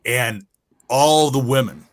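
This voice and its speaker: A man casually telling a profane, animated ghost story from his Navy days. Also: medium pitch, slow pace. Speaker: guest storyteller.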